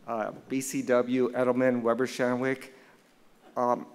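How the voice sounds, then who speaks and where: An older man speaks from a stage at an awards event, telling a funny story. He acts out each line of dialogue with animated humor. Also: medium pitch, measured pace. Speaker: award presenter. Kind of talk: storytelling speech. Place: event stage before an audience.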